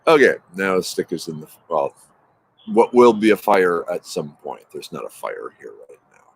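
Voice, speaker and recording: Outdoors in his backyard, with traffic noise in the background, a man hosts a casual morning livestream. His low voice is gravelly and husky, very animated, at a moderate pace, as he greets viewers by name in an upbeat, rambling way.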